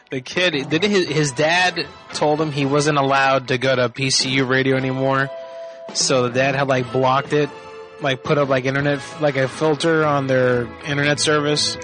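A man's voice: medium pitch, flat delivery, normal speed, music in the background. A male host who recaps a call in a rambling way, full of fillers. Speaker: podcast host. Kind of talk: casual recap chat.

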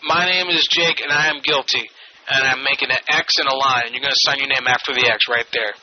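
A man's voice: medium pitch, fairly even intonation, fairly quick, lightly acted. A man playing a belligerent, bigoted prank caller who taunts and threatens with heavy profanity. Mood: taunting. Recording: muffled, with music behind.

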